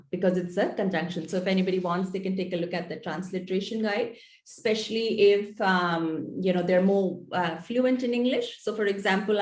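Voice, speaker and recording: A woman author being interviewed, explaining things in an earnest, thoughtful way. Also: medium pitch. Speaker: author guest. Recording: echoey room.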